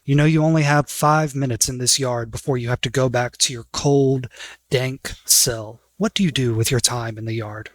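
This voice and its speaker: A man's voice: mid-range voice, steady tone, normal speed, no echo. A man running a tabletop game as game master, narrating loosely with many fillers.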